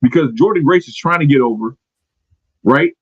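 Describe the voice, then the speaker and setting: Husky animated podcast host. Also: male voice, a little high, normal speed, dry recording, lo-fi sound. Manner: animated, laughs often, mimics quotes. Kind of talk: casual chat.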